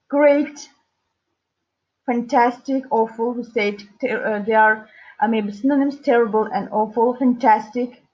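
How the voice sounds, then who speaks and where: High-voiced woman teaching slowly. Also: a little mellow, husky. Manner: slow, deliberate, with hesitant fillers. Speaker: English teacher. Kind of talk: classroom language lesson. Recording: dull lo-fi recording.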